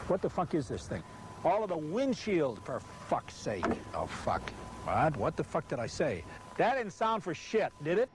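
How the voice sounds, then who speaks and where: A man's voice: a little high, wildly swooping pitch, normal speed, background noise. A man shooting a promotional video, swearing constantly, exasperated and forgetting his lines. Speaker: spokesman filming a promotional video. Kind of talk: profane outtakes from a video shoot. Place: outdoors by a vehicle under hot lights.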